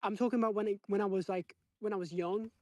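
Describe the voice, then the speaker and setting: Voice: medium pitch, quick pace, no echo. Chatty Northern English storyteller, dry sound. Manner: rambling, filler-heavy, animated retelling. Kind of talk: casual storytelling chat.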